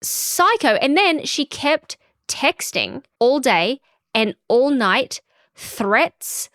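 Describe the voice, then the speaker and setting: A woman co-hosting a podcast tells an outraged story in casual chat, indignantly acting out the people in it and their quotes. Her voice is high-pitched and extremely slow. The studio sound is clean, with no echo.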